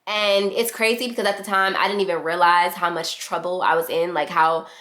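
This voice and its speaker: A young adult woman vlogger telling a casual storytime in a fast, animated way, acting out the quotes. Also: on the low side. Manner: fast-talking, animated retelling with quoted voices.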